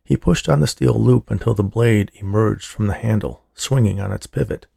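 Gravelly low-voiced male narrator. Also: moderate pace, dark tone, dry recording, studio quality. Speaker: horror story narrator. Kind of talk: scripted narration.

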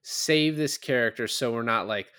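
A man's voice: mid-range voice, normal speed, sharp tone, smooth. A man co-hosting a podcast, casually recapping a film with lots of fillers and acted-out quotes. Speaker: podcast co-host. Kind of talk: casual movie-review chat.

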